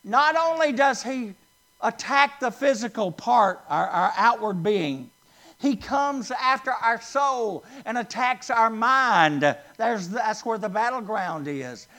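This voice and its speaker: A man's voice: extremely high pitch, lively intonation, bright, forceful tone. A man preaching a sermon to a congregation, stressing key words by drawing them out and asking the listeners questions. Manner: emphatic, drawn-out stresses, asks the congregation questions.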